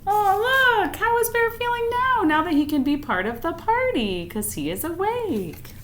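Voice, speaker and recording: A woman reads a picture book aloud to children, stopping often to ask questions. Her voice is bright and swoops up and down. She takes her time over each line. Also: extremely high pitch, unhurried, a little hiss or hum. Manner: animated, asks listeners questions. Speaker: read-aloud teacher. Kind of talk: storytime read-aloud for children.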